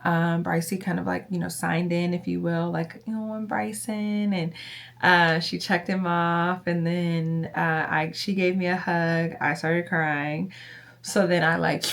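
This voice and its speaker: Chatty mom vlogger, low voice. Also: female voice, flat delivery, a little slow, gravelly. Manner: chatty, emotional, lots of fillers and "y'all". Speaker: vlogger, mother. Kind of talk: casual chat to camera.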